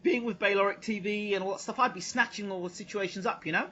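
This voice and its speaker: A man's voice: high-pitched, fast, muffled recording, a crowd in the background. A British man hosting a casual interview, telling stories with animation and frequent laughter. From United Kingdom. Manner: animated storyteller, laughs often. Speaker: host.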